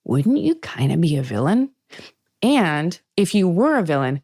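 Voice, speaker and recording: Brief: animated woman host from the Pacific Northwest, low-set voice with a lively, swinging melody. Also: unhurried, slightly rough, no echo, studio quality. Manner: animated, swears freely, breaks into laughter. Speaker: podcast host. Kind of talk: casual chat.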